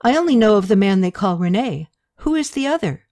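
A woman's voice: mid-range voice, animated, fairly quick, a little mellow, voice pushed up, close to an everyday voice. A woman reading the part of a sweet, eager young princess who speaks earnestly.

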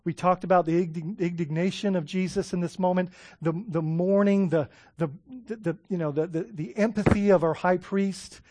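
A man's voice: high-pitched, steady tone, normal speed, few pauses, a little mellow, no room sound, studio quality. A man preaching a sermon, earnest, asking rhetorical questions and often restarting his phrases. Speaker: pastor.

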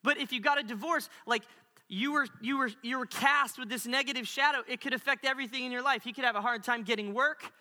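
A male pastor preaching a sermon with animated storytelling and playful asides. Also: very high-pitched, fast. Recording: long reverb of a large hall.

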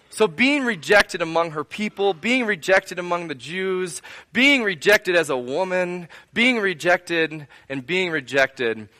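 A man's voice: fairly high pitch, sharp tone. A man preaching a sermon to his congregation, earnest, building repeated phrases into lists and asking them direct questions. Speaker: pastor.

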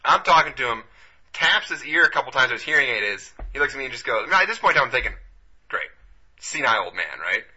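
A man co-hosting a podcast, telling a long story in a laid-back, profane, deadpan way. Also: medium pitch, fast talker, husky. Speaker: podcast co-host. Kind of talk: casual storytelling chat. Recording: dull lo-fi podcast audio.

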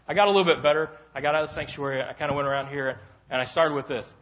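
Man, pastor, casual rambling sermon, self-deprecating, sudden loud bursts, church sanctuary. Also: on the high side, rapid-fire. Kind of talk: conversational sermon.

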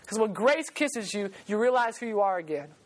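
A young man preaching a casual storytelling sermon, animated and slangy, laughing at his own stories. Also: high voice, moderate pace. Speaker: youth preacher.

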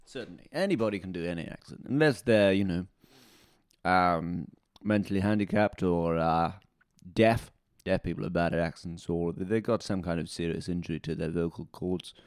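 A man playing a snobbish dialect coach in a deadpan comic interview, pompous and self-satisfied. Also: low voice, moderate pace, no echo, clean studio sound.

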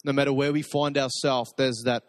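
A man preaching a sermon, telling stories in a conversational way and dropping to soft, intimate repetitions. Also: mid-range voice, level tone, fairly quick, no echo. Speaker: pastor.

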